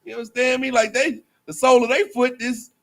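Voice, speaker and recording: A man's voice: very high voice, flat delivery, a little fast, fairly bright tone. A man preaching in casual banter, joking and laughing often, repeating himself and restarting mid-phrase. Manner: loose, joking, laughs often, trails off into fillers. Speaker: teacher at a religious school.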